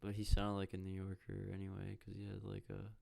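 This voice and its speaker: Dude going off on tangents, cursing a lot, low gravelly voice. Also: male voice, monotone, brisk, a little mellow. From Chicago South Side. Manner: profane, joking, wandering. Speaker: podcast host. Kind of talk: rambling casual monologue.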